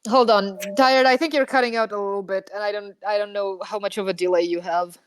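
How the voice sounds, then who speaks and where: A woman running a tabletop game as game master, talking in a hesitant, halting way with many fillers. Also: medium pitch, fairly even intonation, clean tone, no echo. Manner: hesitant, many ums and likes.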